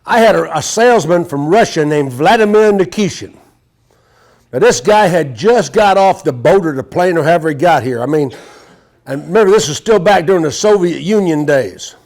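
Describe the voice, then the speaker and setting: A man's voice: a little high, expressive, moderate pace, a little mellow. A man teaching a live sales seminar to an audience, brash and profane as he tells stories. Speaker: sales trainer.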